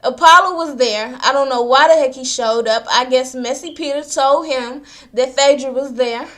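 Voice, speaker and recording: A woman's voice: high-pitched, moderate pace, a bit bright. A woman vlogger giving a casual, gossipy recap, chatting straight to her viewers with asides. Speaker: vlogger recapping a reality show.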